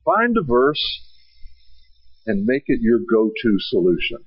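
A man preaching a sermon, swelling with emphasis and slowing down on key phrases. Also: medium pitch, big pitch swings, slightly rough, dry recording, dull audio. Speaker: pastor.

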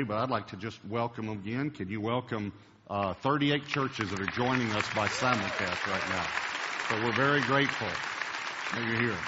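A man preaching to a large congregation, slowing down to hammer home key words. His voice sits at an ordinary pitch. The sound is dull and carries a long church-hall reverb. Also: background noise. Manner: emphatic, slows down to stress key words. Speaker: pastor. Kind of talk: sermon.

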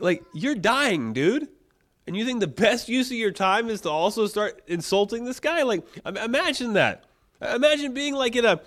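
A man preaching a sermon in a conversational, animated way, with frequent restarts and rhetorical questions. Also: a little high. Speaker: pastor.

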